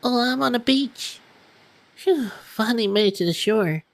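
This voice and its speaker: Woman putting on a squeaky, jumpy little principal. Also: animated, unhurried. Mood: bewildered. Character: flustered small young female principal, jumpy and proud. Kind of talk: reading game dialogue aloud with voices.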